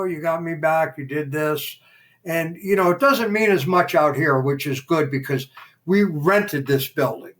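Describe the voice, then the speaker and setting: An older man telling stories as a podcast guest in a casual interview, lively and acting out the voices of people in his anecdotes. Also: a little high. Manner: animated raconteur who acts out quoted dialogue.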